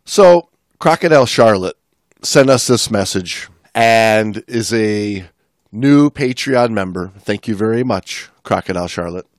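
A man's voice: lowish voice, expressive, unhurried, no echo, studio quality. A man with an American Midwestern accent hosting a casual podcast chat, reading listener mail and joking along. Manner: chatty, reads listener mail aloud, laughs at own jokes. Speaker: podcast host.

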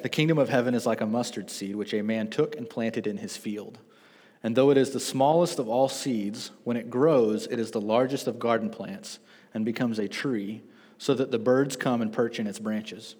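A man in his thirties preaches a sermon in a mid-pitched voice, telling animated stories with self-deprecating asides. His voice rings out with a long reverb in a church hall. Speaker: pastor. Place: church sanctuary.

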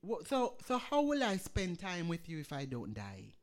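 A woman pastor preaching a sermon with passion, swinging between loud calls and hushed prayer. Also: on the low side, huge pitch swings, normal speed.

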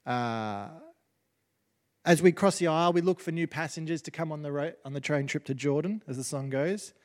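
Brief: male preacher, slightly high voice, chatty and self-deprecating, reverberant church. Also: moderate pace. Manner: conversational, self-deprecating, with fillers and restarts. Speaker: pastor. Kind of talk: sermon. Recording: long reverb of a large hall.

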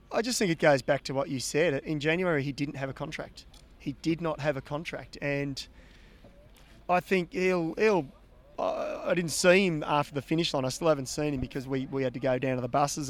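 An Australian man, a former pro rider, co-hosting a cycling podcast in a relaxed, chatty way that often repeats words as he thinks. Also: a little high. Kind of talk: casual podcast chat.

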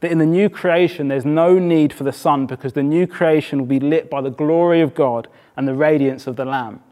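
Male preacher from England, slightly high voice, conversational but emphatic sermon delivery in church. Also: fairly even intonation, brisk, darkish tone. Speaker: pastor.

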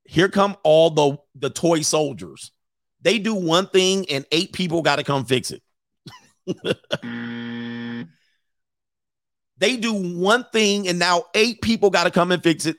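A man's voice: on the high side, gravelly, a bit bright, no room sound, clean studio sound. A man hosting a casual reaction stream, telling a story bluntly and with animation while he acts out quotes. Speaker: host.

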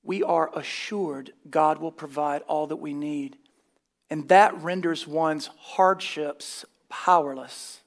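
Speaking slowly at a fairly high pitch, a man preaches emphatically. He mixes plain teaching with wry, dry-humored asides and shows open scorn for false teaching.

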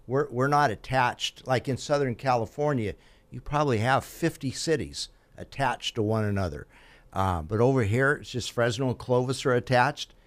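A man's voice: mid-range voice, normal speed. Chatty radio talk show host, man. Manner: friendly, chatty host with jokes and interjections. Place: radio studio.

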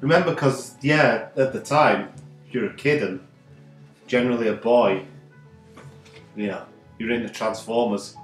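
A man speaks in casual podcast chat, asking curious questions and groping for the right word. His voice is of middle pitch. It sounds roomy and echoey, with faint music behind him. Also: measured pace, pauses often. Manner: curious, asks questions, searches for words.

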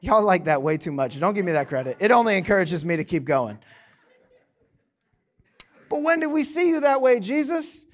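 Male pastor, very high voice, animated sermon delivery with playful asides. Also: normal speed, long pauses. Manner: animated, joking asides to the congregation.

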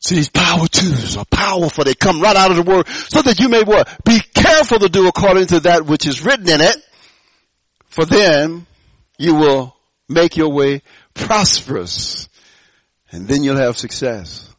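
A man preaching a sermon to a church, swinging between loud rising calls and quiet low asides, with frequent stammering restarts. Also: lively intonation, normal speed, no echo. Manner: preaching with sudden loud rises and soft drops. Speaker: pastor.

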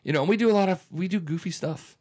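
A man's voice: high-pitched, fast talker, a little mellow. A man in his thirties who hosts a radio morning show, speaking in an earnest, emphatic way with frequent restarts during a conversational interview.

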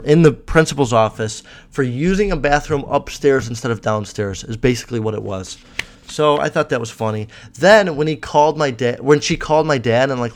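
A young man hosting a podcast, telling stories in a sarcastic, profane and animated way. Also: mid-range voice. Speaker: podcast host. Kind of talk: casual storytelling podcast.

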